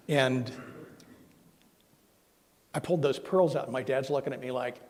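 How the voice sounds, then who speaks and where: A man's voice: mid-range voice, steady tone, normal speed. Guy minister preaching, telling a heartfelt story, lots of hall echo. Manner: earnest, emotional storytelling with soft quoted voices. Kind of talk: sermon storytelling. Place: church sanctuary. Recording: long hall reverb.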